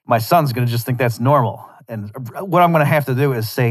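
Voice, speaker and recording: Man, podcast host, casual monologue, rambling, self-interrupting, wry, middle pitch, dry close sound. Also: brisk, hardly any pauses, dry recording.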